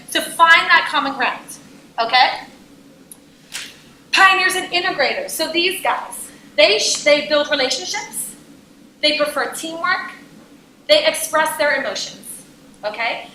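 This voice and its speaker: A young adult woman giving a lively, jokey business workshop talk to a conference audience and asking them questions. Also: sits high, echoey room, a little hiss or hum, poor audio. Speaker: conference speaker. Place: conference room.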